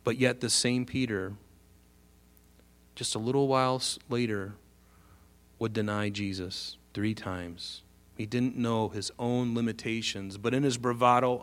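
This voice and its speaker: A man preaching a sermon, animated, acting out the quoted voices with big swings from soft to loud. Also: lowish voice, normal speed. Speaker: pastor.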